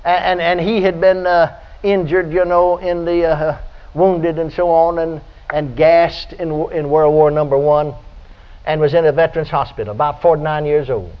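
An older man preaching a folksy radio sermon, telling stories and breaking into high, shouted praise. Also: steady tone, normal speed, smooth. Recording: dull lo-fi archive radio recording.

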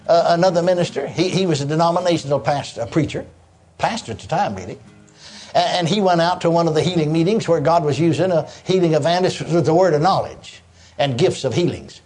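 With faint music playing behind him, an older man with a somewhat high voice talks fast as he preaches. His sermon is animated storytelling, full of repeated lines and chuckles.

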